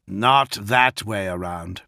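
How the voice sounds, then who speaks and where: A man's voice: lowish voice, slow pace, vocal fry, sharp tone, no echo, studio quality, full character voice. A man voicing a proud, haughty warlord. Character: proud, formidable male warlord lord.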